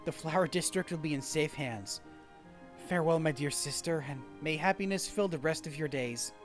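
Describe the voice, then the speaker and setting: A man's voice: a little high, moderate pace, soft background music, pitched below the performer's own voice, lightly acted. A man reading as an earnest young geiko. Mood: heartfelt. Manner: formal, heartfelt reading.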